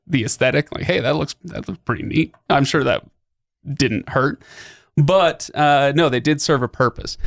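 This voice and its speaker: A man's voice: medium pitch, gravelly, no room sound, clean studio sound. A man hosting a podcast, explaining at length in a casual way with lots of fillers and restarts. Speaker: podcast host.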